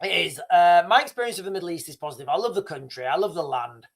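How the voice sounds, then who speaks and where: A man's voice: sits high, animated, fast, vocal fry. A man hosting a live stream, talking casually and rambling with many restarts. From Britain. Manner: rambling, restarts, chuckles at himself. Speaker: livestream host.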